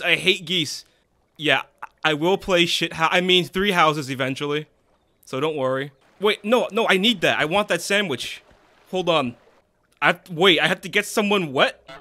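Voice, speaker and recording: High, bright, excitable streamer man. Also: normal speed. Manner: excitable, yells and swears at game characters; rambling anecdotes with frequent restarts. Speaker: game streamer. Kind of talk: casual gameplay commentary.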